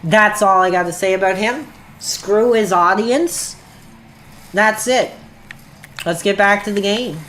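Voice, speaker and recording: A woman's voice: medium pitch, slow, long pauses, a bit bright, a little hiss or hum. A woman livestreamer ranting angrily at her chat in a heated, profane way. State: agitated. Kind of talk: angry livestream rant.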